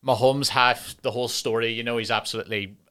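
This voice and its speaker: A man's voice: mid-range voice, steady tone, fast talker, bright, forceful tone, clean tone. A young man hosting a podcast, chatting casually in a rambling, profane, joking way. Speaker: podcast host. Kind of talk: casual chat.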